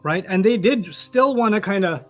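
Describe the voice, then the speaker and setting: A man teaching a Quran lesson as a story, acting out quoted voices and reciting Arabic quickly. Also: high voice, lively intonation, fairly bright tone, faint music behind.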